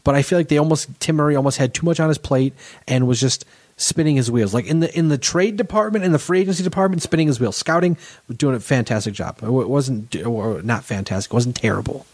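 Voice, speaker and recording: A man's voice: mid-range voice, fast talker, a little mellow. Rambling male sports podcast co-host. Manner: rambling, restarts and self-corrections. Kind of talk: casual sports talk.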